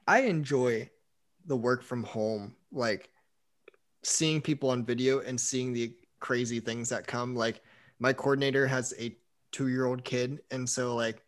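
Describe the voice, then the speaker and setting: Young guy chatting casually, animated storyteller, acts out quotes, lots of "like". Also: mid-range voice, unhurried. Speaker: university staff member. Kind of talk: casual chat.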